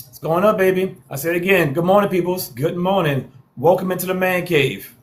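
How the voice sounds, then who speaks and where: A man's voice: sits high, a little fast. A man hosting a live social stream, hyping viewers with repeated calls to follow and share and playful trash talk.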